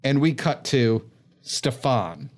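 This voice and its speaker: A man acting as game master, setting scenes in vivid, drawn-out narration. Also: medium pitch, a little mellow.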